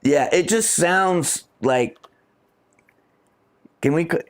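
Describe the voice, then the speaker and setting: A man's voice: fairly high pitch, takes it slowly. A man from the United States co-hosting a casual chat while unboxing fan mail, easygoing and laughing often. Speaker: podcast co-host.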